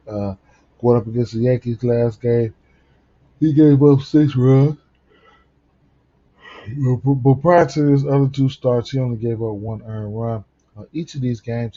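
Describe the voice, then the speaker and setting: A man's voice: medium pitch, dark tone, muffled recording. A man hosting a casual sports betting picks rundown, sleepy in the early morning and rambling with many fillers and restarts.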